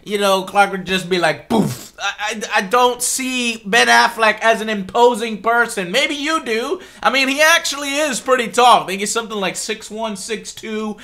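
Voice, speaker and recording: Male vlogger, fed-up ranter, high register, crisp bright tone, lots of profanity. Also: moderate pace, few pauses. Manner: exasperated, heavy swearing, repeats himself. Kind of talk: angry rant to camera.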